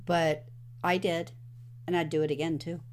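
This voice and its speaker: A woman's voice: low voice, moderate pace. Woman animatedly retelling a film. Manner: animated retelling, acting out movie lines. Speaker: podcast host. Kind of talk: casual film recap chat.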